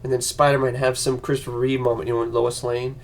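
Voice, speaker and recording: A man's voice: mid-range voice, flat delivery, quick pace, vocal fry, very noisy. A man ranting on a vlog, profane and heated, slipping into mocking voices. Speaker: vlogger.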